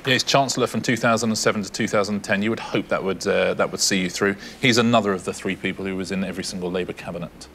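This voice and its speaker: A man co-hosting a TV quiz show, explaining answers quickly and teasing his partner, recorded in a studio with background noise. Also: low voice, steady tone, crowd noise. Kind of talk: TV quiz commentary.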